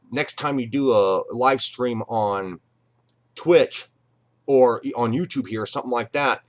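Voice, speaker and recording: A middle-aged man chatting casually on his live stream at home, rambling and swearing freely. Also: mid-range voice. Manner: rambling, swears freely, acts out quoted voices.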